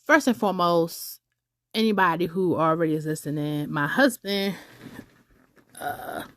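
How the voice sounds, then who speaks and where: Low-voiced chatty woman hosting a podcast. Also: measured pace, dry recording, clean studio sound. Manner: chatty, digressive, self-correcting. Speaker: podcast host. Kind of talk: casual podcast monologue.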